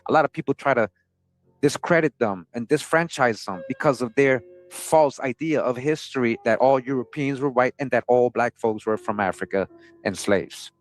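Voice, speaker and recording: A man hosting a history channel, casually talking through old sources and often asking his viewers "right?". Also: medium pitch. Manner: conversational, keeps asking "right?", chuckles often.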